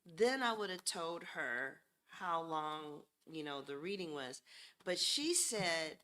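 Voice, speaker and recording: A woman reads tarot cards in a loose, chatty way, cursing freely and speaking straight to her viewers. Her voice sits a little low but sounds bright, and she takes her time. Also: animated, slow. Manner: blunt, profane and chatty; addresses viewers directly and warmly. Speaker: tarot reader. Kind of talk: casual live tarot reading.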